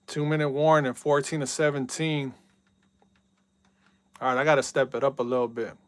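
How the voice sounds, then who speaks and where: Guy streaming a football game, chatty, smooth clean voice, dry close sound, shouts when stuff happens. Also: mid-range voice, fairly even intonation, moderate pace, no echo. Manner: chatty, reads out viewer messages, yells at big plays. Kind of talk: casual live-stream chat.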